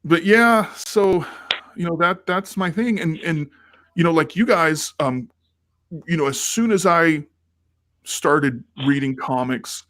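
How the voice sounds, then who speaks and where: A man's voice: on the high side, slow pace, fairly bright tone, dry recording, studio quality. A man co-hosting a podcast in casual chat, telling a rambling story and acting out the quoted lines of the people in it. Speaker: podcast co-host.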